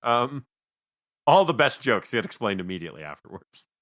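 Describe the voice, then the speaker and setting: A man's voice: mid-range voice, big pitch swings, moderate pace, a bit bright. A man co-hosting a film podcast, talking casually and rambling with self-mocking jokes. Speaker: podcast co-host. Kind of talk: casual film review chat.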